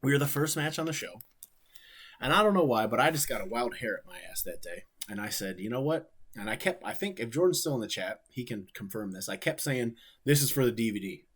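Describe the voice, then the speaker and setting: This Ohio man's voice is mid-range, expressive, brisk and fairly bright. He's a wrestler on a livestream, watching his matches and fielding viewer questions in a relaxed, rambling way, cursing without hesitation.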